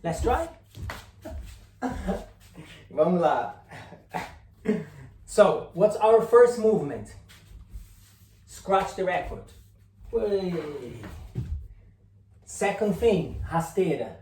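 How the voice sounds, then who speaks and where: Slow, echoey capoeira teacher calling moves. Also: male voice, high voice, very animated, darkish tone. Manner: counts and calls out moves while demonstrating; drifts on and off mic while moving. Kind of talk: instructional demonstration. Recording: echoey room, faint noise.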